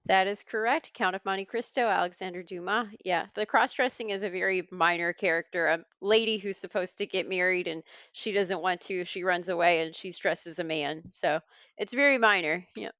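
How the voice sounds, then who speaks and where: Smooth-voiced woman reading quiz clues. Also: lowish voice, normal speed, a bit bright, no echo, dull audio. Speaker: quiz host. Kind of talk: reading trivia clues on a podcast.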